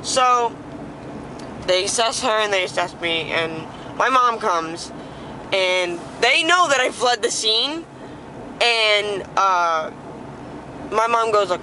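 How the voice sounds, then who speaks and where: A young woman in a car, telling a story casually in an excited, profane, rambling way with many restarts. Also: medium pitch, slow pace, long pauses, background noise. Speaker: vlogger. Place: inside a car while driving.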